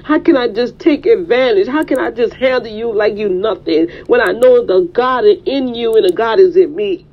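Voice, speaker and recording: A woman's voice: fairly high pitch, normal speed, few pauses. Woman preacher, fervent repetitive cadence, muffled lo-fi sound. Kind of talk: sermon. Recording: dull, lo-fi recording.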